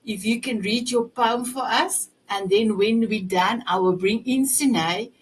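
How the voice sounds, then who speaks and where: A woman hosts an online show over a video call and brings her guests on screen with slow, encouraging words. Her voice sits a little high and away from the mic, with faint noise behind it. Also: far from the mic, poor audio. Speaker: host. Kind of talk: online talk show hosting.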